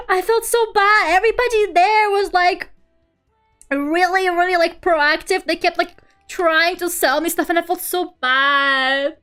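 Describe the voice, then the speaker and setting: A young woman streamer with a very high voice tells a rambling, filler-heavy story. She speaks slowly and laughs often. Faint music plays behind her. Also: fairly bright tone. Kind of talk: casual livestream chat while drawing.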